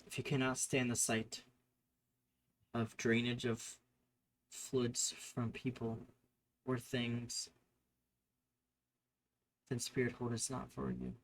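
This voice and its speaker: A man voicing a grim male temple cultist guide who gives slow, measured warnings. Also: medium pitch, level tone, vocal fry, a little hiss or hum. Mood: menacing.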